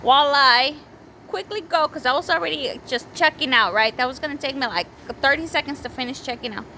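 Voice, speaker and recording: A woman's voice: high-pitched, a little fast, background noise. A woman in her thirties telling a story about her week at home, rambling and correcting herself, with children heard nearby. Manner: rambling, self-correcting, breaks off to scold kids. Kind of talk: casual storytelling vlog. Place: home with small children around.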